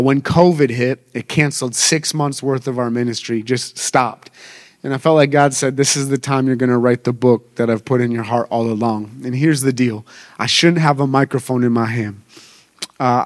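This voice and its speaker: A man in his thirties, a traveling evangelist, preaching a sermon with upbeat storytelling and self-mocking humor. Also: mid-range voice.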